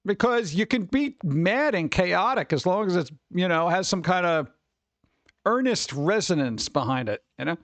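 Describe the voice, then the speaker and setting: A man's voice: high-pitched, very animated, moderate pace, fairly bright tone, no room sound. A middle-aged man hosting a casual stream, rambling loosely, swearing and acting out the people he talks about. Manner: over-caffeinated. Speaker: streamer host. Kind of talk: casual rambling chat with viewers.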